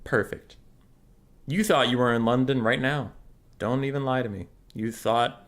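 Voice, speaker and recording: A man's voice: mid-range voice, steady tone, a little slow, fairly bright tone. A young man streaming live game commentary, chatty and answering chat questions aloud. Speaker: tournament caster and streamer. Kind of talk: casual livestream game commentary.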